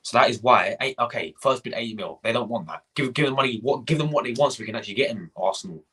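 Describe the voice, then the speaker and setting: A young man rants on a live stream, swearing and going over the same point again and again. His voice is forceful and husky. He breaks off to greet people in the chat. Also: mid-range voice, expressive, fast. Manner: ranting, swearing, repeating himself. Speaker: fan channel host.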